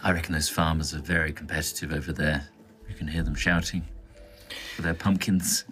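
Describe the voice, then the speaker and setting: Deep deadpan man player. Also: a little fast, soft background music.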